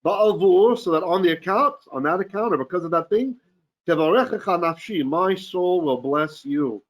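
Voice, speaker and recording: Higher-voiced rabbi chanting and explaining verses. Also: male voice, animated, normal speed. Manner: chants Hebrew verses, then translates them in casual, joking talk; frequently clears his throat. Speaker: rabbi teaching a Torah portion. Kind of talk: informal online Torah class.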